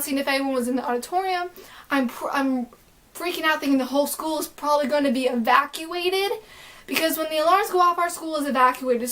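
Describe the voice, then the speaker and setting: A young adult woman telling a storytime vlog, excitable and rambling, with lots of filler words. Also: sits high. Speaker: vlogger.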